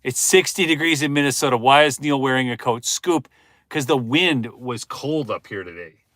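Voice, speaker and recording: A man hosting a rambling political livestream. He talks straight to his viewers and asks the chat questions, swinging from low muttering to loud exclamations. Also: moderate pace, no echo, studio quality. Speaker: livestream host.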